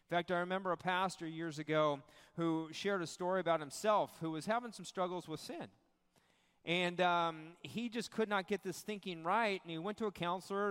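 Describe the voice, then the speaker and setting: A man preaches a sermon in a high, smooth and resonant voice that rises into emphatic repeated words and rhetorical questions. The sound carries the long reverb of a large church hall. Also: fairly bright tone. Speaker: pastor. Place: church sanctuary.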